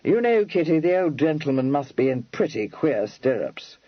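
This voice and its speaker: A man voicing an amiable young Regency gentleman in an audiobook, drawling in clipped, slangy phrases with unhurried patience. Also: fairly high pitch, sing-song, no echo, dull audio. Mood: startled.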